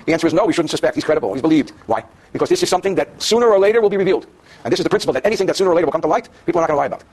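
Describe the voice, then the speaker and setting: A man's voice: a little high, lively intonation, very fast, darkish tone, breathy edge. A man teaching a daily class on Jewish law to students in the room. He reads Hebrew passages, then translates them and explains them with jokes. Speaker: Torah teacher.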